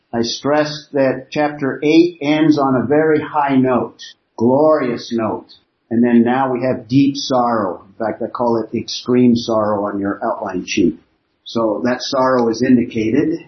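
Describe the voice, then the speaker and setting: Man teaching a Bible lesson, roomy. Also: mid-range voice. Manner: explanatory, outlining points with slides. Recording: roomy, dull lo-fi classroom recording.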